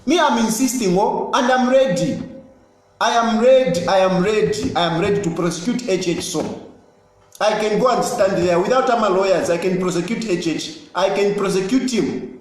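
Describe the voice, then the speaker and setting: Brief: high-pitched politician, insistent and repetitive, recorded in a very echoey room. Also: male voice, normal speed. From Zambia. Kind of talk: impassioned political statement.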